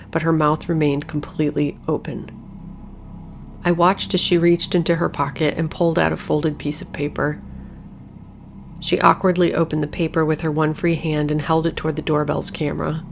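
A woman reading a scripted horror story aloud in a measured, quietly tense storytelling manner. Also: sits low, gravelly, slight background noise. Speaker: narrator.

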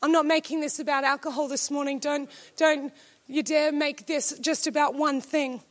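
A woman with a high, bright-pitched voice preaches a sermon to her congregation. She speaks with emphatic conviction and pushes certain phrases up into loud, ringing declarations. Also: fairly even intonation, moderate pace. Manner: emphatic, rising to shouted declarations.

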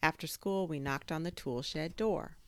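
A woman narrating a children's chapter book aloud in an expressive storytelling manner. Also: deep voice, moderate pace, no room sound. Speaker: audiobook narrator.

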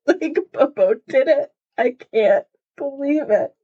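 A young woman with a high, bright voice co-hosts a fan podcast, tearful and gushing. She talks slowly, her words broken by sobs and laughter. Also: animated, narrow, tinny audio. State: crying. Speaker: podcast co-host. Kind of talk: excited fan podcast chat.

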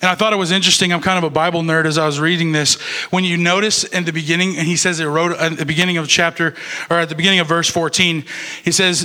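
A man's voice: fairly high pitch, fairly even intonation, fast, sharp tone. A young man preaching a sermon as a youth pastor, in a casual, conversational way with fillers and restarts.

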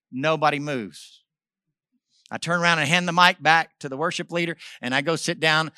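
A middle-aged man, a pastor, preaching a sermon and telling a story, swinging from loud exhortation to hushed asides. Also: fairly high pitch, normal speed, clean tone, no echo, clean studio sound.

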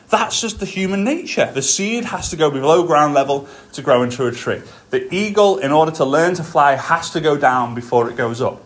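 A man's voice: a little high, lively intonation, moderate pace, few pauses. Breathless, emphatic male podcast coach. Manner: emphatic, coaching, speaks straight to listeners. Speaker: podcast host. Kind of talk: motivational podcast talk.

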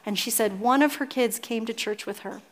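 A woman's voice: a little high, brisk. A woman in her thirties, a pastor preaching a sermon and telling a family story to her congregation in an earnest way.

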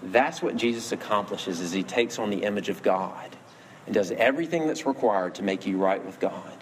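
This pastor's voice is lowish and his speed normal as he tells his sermon like an earnest story, swelling his voice for emphasis. Faint ambient noise is heard behind him.

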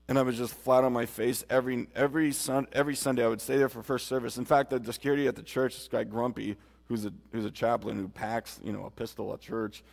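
A man's voice: mid-range voice, gravelly. A man preaching a sermon and giving his testimony, earnest and emphatic, speaking straight to his listeners. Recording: long hall reverb.

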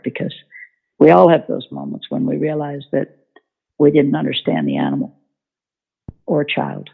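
A woman guest tells a story in a folksy, emphatic way, her voice deeply gravelly with heavy fry. The sound is husky rather than clear. It comes through a narrow, tinny phone line. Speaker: guest, horsemanship author. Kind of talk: telling a story in an interview.

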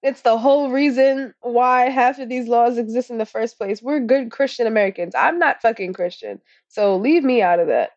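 A woman's voice: on the high side, moderate pace, few pauses, a little mellow, no echo. Young woman podcast co-host, rambling and profane, lo-fi dead-dry sound. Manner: blunt, heavy swearing, rambling with fillers. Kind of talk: casual chat. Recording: dull lo-fi recording.

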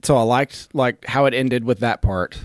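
A man's voice: medium pitch, normal speed, no room sound, clean studio sound. Eager man defending a film. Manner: enthusiastic, uses lots of "like". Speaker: podcast guest. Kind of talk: casual podcast chat.

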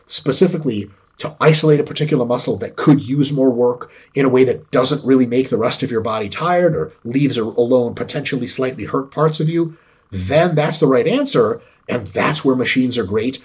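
A man in a casual podcast chat about training, talking in an animated, profane way. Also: medium pitch, moderate pace, breathy edge, lo-fi sound. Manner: animated and profane, acts out quoted voices. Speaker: fitness podcast talker.

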